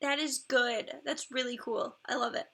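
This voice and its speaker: A woman's voice: high-pitched, fairly even intonation, moderate pace, bright, forceful tone. A woman streamer in casual live-stream commentary, chatty and effusive, gushing praise and laughing often between remarks.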